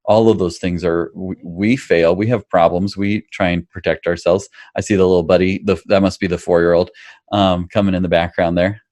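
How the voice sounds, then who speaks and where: A man with a very deep voice hosts an interview over a video call. He is warmly affirming and sums up his guest's ideas in a steady way. His voice is dry and close, with no room sound. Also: normal speed, dry recording. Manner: affirming, recaps the guest's points thoughtfully. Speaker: podcast host, physician. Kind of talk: casual interview conversation.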